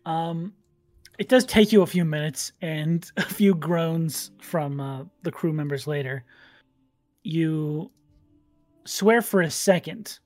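A man running a tabletop game as game master, narrating casually with many pauses and fillers. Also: on the high side, no room sound, soft background music. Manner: relaxed, hesitant with fillers.

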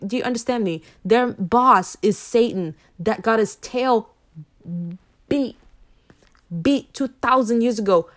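A woman minister telling stories in a rambling, chatty way with many fillers, turning preachy and emphatic. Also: medium pitch. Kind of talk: casual faith talk.

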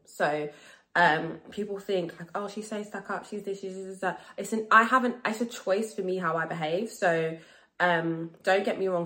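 A woman in her thirties, slightly tipsy, hosting a casual solo podcast chat, talking fast and frankly, swearing freely and repeating herself for emphasis. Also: lowish voice, fairly bright tone. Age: 30s. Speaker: podcast host.

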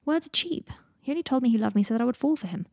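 A sharp-tongued, bossy young woman, blunt and teasing, rendered in a mellow, slightly breathy voice as a woman reads her part. Her mid-height voice sits close and dry. Her scolding stays brisk and to the point. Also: fairly high pitch, expressive, no echo, voice pushed up.

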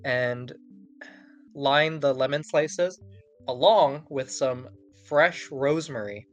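A podcast co-host walks through a recipe in a loose, rambling way, swearing freely and laughing at their own jokes. The voice sits at an ordinary middle pitch, neither high nor low. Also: slow pace, faint music behind. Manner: profane, rambling, laughs often. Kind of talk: casual chat.

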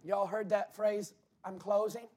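A pastor preaching a sermon in church, building to shouted emphasis and dropping into quick asides to the congregation. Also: male voice, high-pitched, fairly even intonation.

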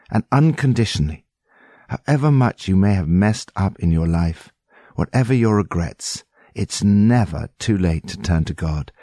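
A man reading scripted devotional commentary in an earnest, steady way with emphatic phrasing. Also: low voice, dry recording, studio quality.

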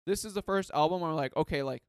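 A man's voice: on the high side, racing, clean tone, no room sound, studio quality. A man hosting a podcast, chatting casually and eagerly, leaning on "like" as he rambles. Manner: enthusiastic, rambling, says "like" often. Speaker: podcast host. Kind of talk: casual chat.

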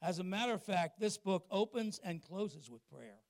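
A middle-aged male pastor preaching a sermon in church, moving between emphatic, loud points and quiet, confiding asides while asking the congregation questions. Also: high voice, big pitch swings, moderate pace, dry recording, clean studio sound. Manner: asks the congregation questions and acts out little exchanges.

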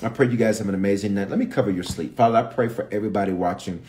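A man's voice: on the low side, racing, darkish tone, a little hiss or hum. A man with a Memphis accent, a bishop giving livestream Bible teaching with slangy storytelling and asides to viewers. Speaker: bishop and pastor.

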